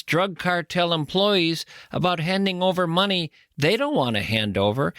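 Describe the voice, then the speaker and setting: Male talk host, higher voice, dry close sound, dramatic recaps. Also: fairly bright tone, no room sound. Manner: dramatic recaps, reads lines aloud in a low voice. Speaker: radio host. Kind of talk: interview talk.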